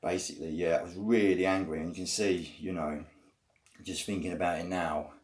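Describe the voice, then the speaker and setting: Man, very low voice, rambling ex-con storyteller, sweary and filler-heavy. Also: steady tone, brisk. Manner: rambling, loose, full of fillers like you know and basically; swears bluntly, uses prison slang. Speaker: former prisoner telling his story. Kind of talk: casual first-person storytelling.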